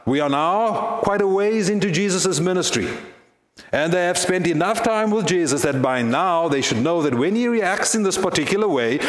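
A man's voice: a little high, reverberant. A male pastor giving a sermon in a church, earnest and fond of rhetorical questions.

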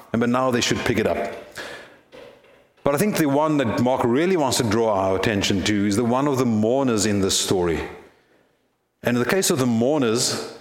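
A man's voice: mid-range voice, echoey room. A male pastor giving a sermon in a church, earnest and fond of rhetorical questions.

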